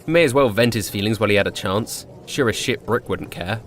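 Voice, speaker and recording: A man's voice: fairly low pitch, fast, a bit bright, faint music behind. A man narrating a scripted story epilogue for a tabletop campaign, with wry, dry humor and wordplay.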